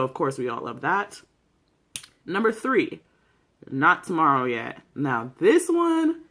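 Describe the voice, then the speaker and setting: A young adult vlogger talks in a loose, hyped-up way, heavy on slang, swearing and fillers. The voice sits at a middle pitch, neither high nor low. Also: fairly bright tone. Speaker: YouTuber reviewing a TV series. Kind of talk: casual vlog commentary.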